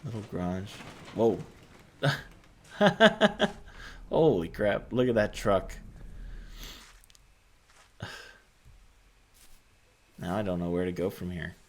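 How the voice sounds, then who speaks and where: A man hosting a gaming channel, giving quiet, soft-spoken let's-play commentary and musing aloud as he explores. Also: lowish voice, expressive, takes it slowly, long pauses.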